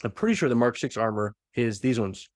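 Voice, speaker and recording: On a podcast, a medium-pitched man retells a novel as a co-host, giving a casual lore recap. The sound is clean studio audio without any room tone, and he animatedly voices the characters' lines quickly.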